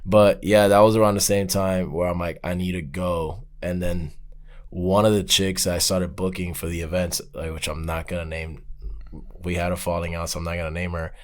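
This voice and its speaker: A man's voice: deep voice, moderate pace. A man guest on a podcast, telling a long story in casual talk and acting out the dialogue. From Miami. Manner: animated, acts out quoted dialogue.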